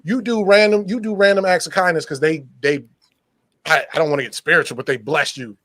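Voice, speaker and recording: A man hosting a casual stream chat, telling stories in an excitable, profane way. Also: on the high side, brisk, no echo, studio quality.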